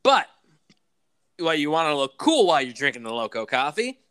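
A man co-hosting a casual wrestling podcast, excitable and profane, rambling on with loose chatter. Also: fairly high pitch, normal speed, no echo, clean studio sound. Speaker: podcast co-host.

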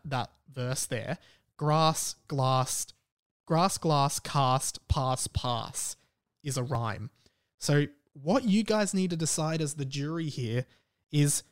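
Rambling Australian man hosting a podcast. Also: fairly high pitch. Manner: rambling, self-correcting, wry. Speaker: podcast host. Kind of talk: casual podcast chat.

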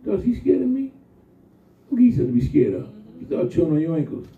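A male preacher tells stories in an animated way and draws call-and-response from the congregation. His voice runs high and leaps all over its range. It comes from a distance in an echoey church, thin and phone-like. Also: brisk, gravelly. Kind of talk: sermon.

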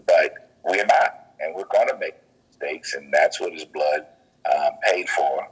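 A man's voice: extremely low pitch, unhurried, husky, low-quality recording. A man in casual faith talk, earnest and preachy, often repeating his words as he goes.

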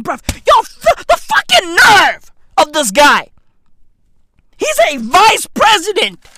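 Comedic ranter, profane and rambling, slow delivery, dry close sound. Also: male voice, very high-pitched, dry recording. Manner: profane, rambling, swings from mumbling to shouting. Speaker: comedic vlogger. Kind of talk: ranting comedic monologue.

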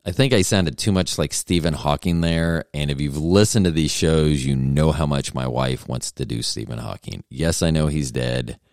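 A man's voice: rumbling low, moderate pace, hardly any pauses, a little mellow, dry recording, clean studio sound. A man hosting a solo podcast, rambling through jokes and self-deprecating asides. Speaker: podcast host.

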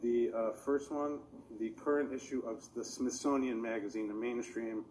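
A man's voice: medium pitch, steady tone, normal speed, darkish tone, a little hiss or hum, poor audio. A man giving earnest, rambling, technical testimony as a public commenter at a meeting.

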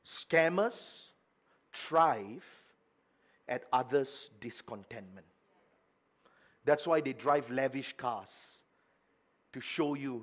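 A man's voice: mid-range voice, extremely slow, long pauses, a bit bright. A male pastor preaching a midweek sermon, asking the congregation questions and stressing his points.

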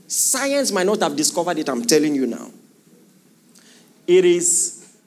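Male preacher, animated sermon delivery, high and very expressive pitch. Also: a little hiss or hum. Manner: animated preaching, rhetorical questions to the congregation. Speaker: pastor.

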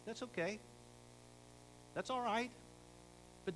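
A man's voice: a little high, normal speed, bright, forceful tone. An older man preaching a folksy sermon as pastor, rising to emphatic exhortation. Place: church sanctuary. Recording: echoey church hall with faint hum.

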